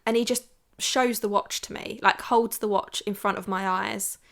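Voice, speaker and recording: A woman's voice: medium pitch, steady tone, normal speed, creaky, fairly bright tone. A young woman hosting a podcast, telling a dating story in a frank, chatty way with lots of "like". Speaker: podcast host. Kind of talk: storytelling chat.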